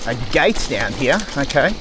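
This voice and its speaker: A man's voice: medium pitch, big pitch swings, unhurried. Chatty Australian man riding the bush. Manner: chatty, talks to himself and viewers, frequent "mate" and exclamations. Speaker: cycling vlogger. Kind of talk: casual narration while riding. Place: rural bush trail, outdoors. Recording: outdoor noise from riding.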